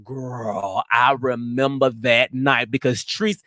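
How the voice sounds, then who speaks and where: A woman hosting a podcast, telling stories in casual chat with a profane, animated manner. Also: a bass voice, slow pace, no echo, studio quality. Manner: profane, animated storytelling with frequent "girl". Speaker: podcast host.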